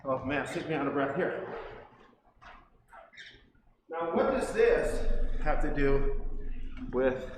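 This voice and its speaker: In a science center exhibit hall, a male educator leads a livestreamed science demo, speaking slowly at medium pitch with frequent pauses. He's chatty and rambling, correcting himself and laughing a lot. The recording carries the echo of the hall and some faint noise.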